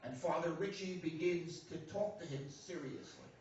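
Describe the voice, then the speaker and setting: A man with a higher voice preaches through an interpreter, pausing after short phrases and playing both sides of a dialogue. He sounds far off in a big, booming church hall. The recording is dull and lo-fi with a faint background hum. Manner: animated storyteller, acting out dialogue. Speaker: guest speaker. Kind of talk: sermon storytelling with translation. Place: church sanctuary.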